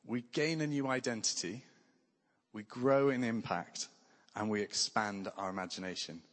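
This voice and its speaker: A man's voice: fairly low pitch, moderate pace, fairly bright tone. A man preaching a sermon in an earnest, conversational way with touches of light humor. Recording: long hall reverb.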